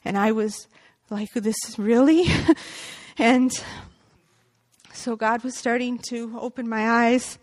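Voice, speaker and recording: Woman sharing her faith story, kinda high voice, earnest and thoughtful, reads quotes now and then. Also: fairly even intonation, takes it slowly, long pauses, darkish tone. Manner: earnest and reflective, quoting scripture. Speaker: speaker giving a personal faith testimony. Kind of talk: personal testimony, partly read aloud.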